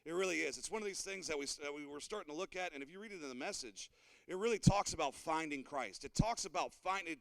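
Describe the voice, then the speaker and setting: Guy pastor preaching in church, kinda high voice, gets loud and worked up, asks the crowd stuff. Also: vocal fry. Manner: animated, rising to loud exclamations when excited; asks the congregation questions and waits for answers. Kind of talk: sermon. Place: church sanctuary before a congregation.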